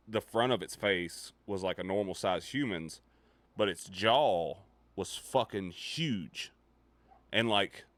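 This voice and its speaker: A young man streaming live, telling a story casually and profanely, dropping his voice low and quiet for suspense. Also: no room sound. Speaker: livestreamer.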